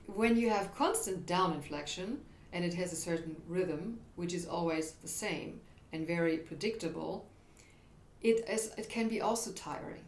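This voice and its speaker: A woman's voice: lowish voice, moderate pace, a little mellow. Woman, voice coach, explanatory teaching talk, roomy echo, faint background noise. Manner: explanatory, demonstrates examples. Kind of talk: instructional talk on vocal habits.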